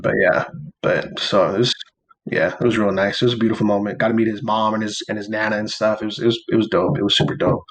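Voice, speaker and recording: A man's voice: on the low side, level tone, fast. Laid-back young man telling a rambling story. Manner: rambling storytelling, heavy use of "like" and "or whatever"; laid-back and playful, swearing casually. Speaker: podcast co-host. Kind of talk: casual chat.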